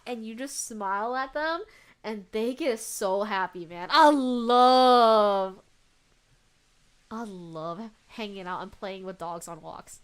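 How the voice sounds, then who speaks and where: A young woman streaming a game, chatting casually with her viewers, bubbly and excitable, laughing often and squealing over dogs. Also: fairly high pitch, clear, resonant tone. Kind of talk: casual gaming stream chat.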